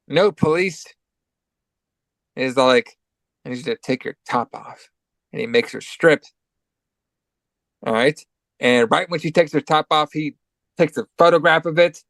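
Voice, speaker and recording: A man's voice: a little high, unhurried, long pauses, fairly bright tone, no room sound. A man with a cold co-hosting a podcast, giving a loose, profane, filler-heavy recap of a movie. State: has a cold. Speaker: podcast co-host.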